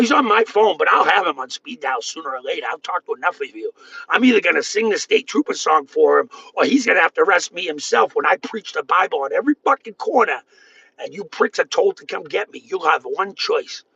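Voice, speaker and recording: A high, raspy man rants on a livestream, lurching between hoarse yelling and low, profane muttering. His pitch leaps all over the place, and his tone is sharp and tense. The sound is dull and lo-fi. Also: no echo. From Boston area. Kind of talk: angry livestream rant.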